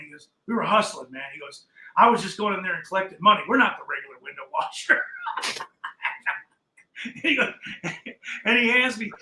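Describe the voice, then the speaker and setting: A man's voice: sits high, bright, forceful tone, roomy sound, rough recording. An older man casually telling a long story as a podcast guest, acting out the people he quotes.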